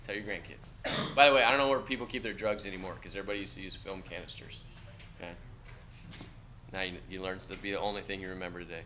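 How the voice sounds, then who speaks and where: A man's voice: low voice, steady tone, quick pace, sharp tone, slight background noise. A middle-aged man giving a casual classroom lecture, talking to students in a blunt, conversational way and tagging lines with "okay?". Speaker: university lecturer.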